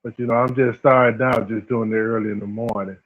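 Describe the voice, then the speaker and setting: A man's voice: on the low side, fairly even intonation, fast talker, slightly rough. Laid-back slangy man, phone-quality audio. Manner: laid-back, slangy, laughs often, talks to chat by name. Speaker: livestream host. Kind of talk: casual livestream chat, reading chat. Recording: phone-like lo-fi sound.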